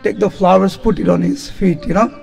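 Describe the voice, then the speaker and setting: A man, telling devotional stories as a spiritual teacher, animated and often laughing as he acts out what people said. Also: high voice, fairly quick, creaky. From India. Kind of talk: devotional storytelling lecture. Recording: long hall reverb.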